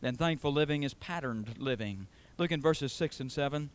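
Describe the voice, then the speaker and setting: A man's voice: medium pitch, moderate pace. A male pastor preaching a sermon, emphatic and building through repeated phrases.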